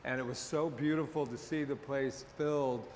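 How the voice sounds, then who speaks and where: During a Sunday service, a man serving as minister talks casually to his congregation in the church sanctuary, joking and rambling off-topic. His mid-range voice has fairly even intonation at normal speed, heard in a reverberant hall with faint background noise.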